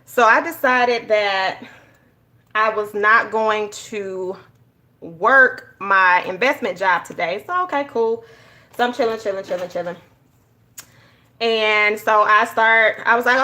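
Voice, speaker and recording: A woman telling stories in a casual, animated way while she decorates her journal. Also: a little high, slow pace. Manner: animated storytelling, addresses viewers as y'all. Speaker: journaling YouTuber.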